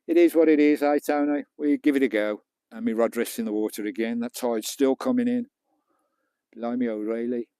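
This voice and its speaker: A man's voice: medium pitch, steady tone, brisk, warm tone, clear, resonant tone, no echo. A British man live-streaming from a beach while fishing, chatting casually and bantering with viewers, with some mild swearing. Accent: British English. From England. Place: outdoors on a beach at night.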